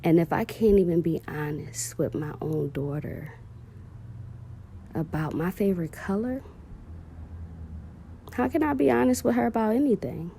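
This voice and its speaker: A woman's voice: on the low side, vocal fry, mellow, slight background noise. A woman, heartfelt and emotional, telling viewers a personal story about her daughter and calling them "y'all".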